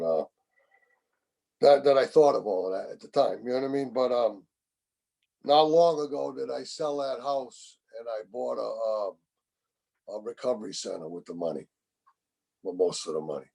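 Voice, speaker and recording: A man's voice: medium pitch, creaky, warm tone. A man in his sixties telling his recovery story over a video call in a rambling, candid way, often swearing and repeating "you know what I mean.". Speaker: main speaker at a recovery meeting. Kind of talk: personal recovery share.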